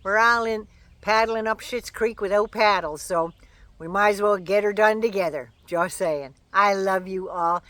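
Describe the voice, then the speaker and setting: A woman's voice: medium pitch, a little slow, fairly bright tone, no echo. An older woman chatting casually to camera outdoors at home, folksy and opinionated with dry asides. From Canada. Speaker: vlogger.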